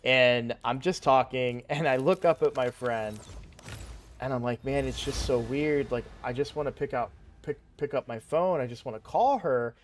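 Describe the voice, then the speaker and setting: A man's voice: mid-range voice, normal speed. A young man casually telling a personal story while playing a game, rambling with lots of fillers and restarts. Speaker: gaming streamer.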